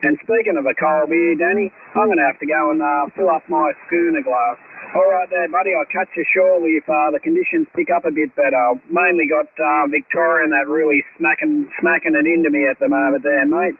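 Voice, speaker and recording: A man's voice: on the high side, animated, fairly quick, narrow, tinny audio. An Australian man chatting casually on CB radio as an operator, easygoing and matey, full of radio jargon. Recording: hissy CB radio transmission.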